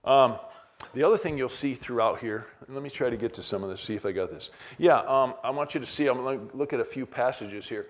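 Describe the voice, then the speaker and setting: A man's voice: medium pitch, quick pace. A man, middle-aged, teaching a Bible class in a conversational way, reading verses aloud with frequent restarts.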